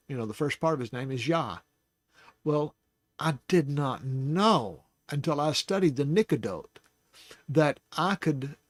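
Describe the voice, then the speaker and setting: A man hosting a Bible study, teaching casually and thinking aloud, with restarts and soft laughs. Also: fairly high pitch, dry recording.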